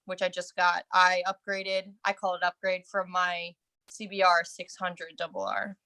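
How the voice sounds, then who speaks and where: A woman's voice: on the low side, level tone, a little slow, bright, forceful tone. A young woman from New Jersey with a New Jersey accent, chatting casually on a livestream with laughing asides. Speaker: real estate agent, guest. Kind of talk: casual group chat.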